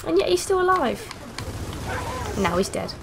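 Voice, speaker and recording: A woman's voice: very high-pitched, very animated, normal speed, gravelly, background noise. Chatty, sarcastic woman gamer. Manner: chatty, sarcastic, swears freely. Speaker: gaming video host. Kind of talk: casual gameplay commentary.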